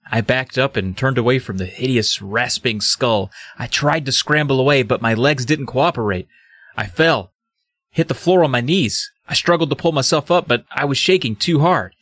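A man's voice: medium pitch, moderate pace, fairly bright tone, dry recording. Dry-voiced sardonic man reading aloud. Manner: sardonic, swears, reads dramatically. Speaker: podcast co-host. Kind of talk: casual comedic book discussion with read-aloud excerpts.

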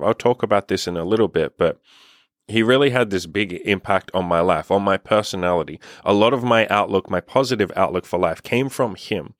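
A man's voice: sits low, brisk, no echo, clean studio sound. A young man telling casual stories to camera, sweary and laughing as he talks. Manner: sweary, laughing, animated storytelling. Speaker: dating coach and vlogger.

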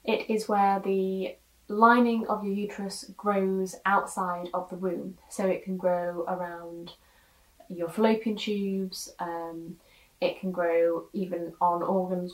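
A woman's voice: on the low side, flat delivery, unhurried. Woman reviewer, candid and heartfelt, with fillers; recorded with a distant mic in a reverberant room. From United Kingdom. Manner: frank, earnest, many ums, gets emotional. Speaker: podcast guest reviewer. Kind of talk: personal product review monologue. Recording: roomy echo, distant mic.

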